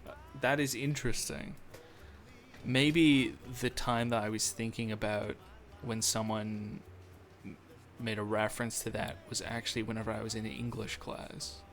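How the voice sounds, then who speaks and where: Young male streamer, lowish voice, loose self-mocking ramble, faint music under him. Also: little pitch movement, moderate pace. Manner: rambling, self-deprecating, filler-heavy. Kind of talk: casual live-stream chat.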